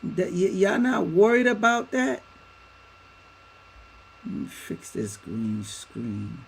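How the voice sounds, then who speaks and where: Man, livestream host, unhurried delivery, emphatic, rhetorical questions, talks to viewers as y'all. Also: sits high, huge pitch swings, creaky, a little hiss or hum, rough recording. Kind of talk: livestream commentary. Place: home setup with a green screen.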